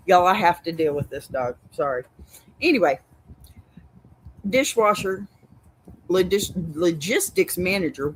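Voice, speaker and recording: A woman's voice: fairly low pitch, big pitch swings, a little slow, a little hiss or hum, poor audio. A woman hosting a livestream advice show, giving sassy, emphatic commentary in a colloquial way.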